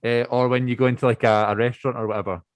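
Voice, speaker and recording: A man's voice: medium pitch, level tone, very fast, clean tone, no room sound. Young male podcast host, dry close sound, rambly and chatty on a video call. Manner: chatty, rambling, self-correcting. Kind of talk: casual chat.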